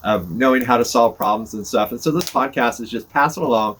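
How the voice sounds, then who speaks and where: A slightly fast, medium-pitched, somewhat bright voice belongs to an older podcast host sitting outside by a fire on his front porch. He chats casually to camera, rambling in a folksy, self-deprecating manner while fire crackles and cars pass.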